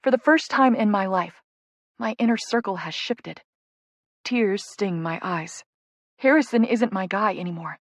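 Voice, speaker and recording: A woman's voice: medium pitch, a little slow, no room sound. Woman reading a romance audiobook, close and emotional, dry studio sound. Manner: intimate, emotional inner monologue. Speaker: audiobook narrator. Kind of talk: first-person audiobook narration.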